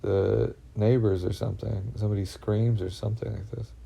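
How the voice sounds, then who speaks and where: Gravelly, dark-voiced man rambling uneasily. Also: fairly low pitch, flat delivery. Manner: halting, full of fillers and restarts, heavy swearing; uneasy, anxious telling. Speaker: vlogger recounting personal experiences. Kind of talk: rambling first-person monologue.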